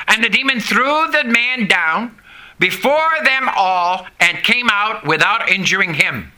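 High, bright-voiced male preacher. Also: lively intonation. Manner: preaching with call-and-response, dramatic pauses and drops in pitch. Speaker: pastor. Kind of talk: sermon.

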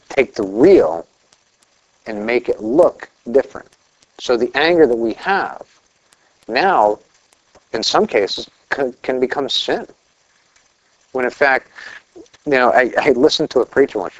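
A man's voice: medium pitch, lively intonation, measured pace, pauses often, no echo. Male preacher, dull dry recording. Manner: conversational preaching with rhetorical questions. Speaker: pastor. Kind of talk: sermon.

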